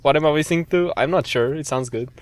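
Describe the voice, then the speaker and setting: A man's voice: a little high, quick pace, a little hiss or hum. A man co-hosting a podcast in casual chat, joking and self-deprecating. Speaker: podcast co-host.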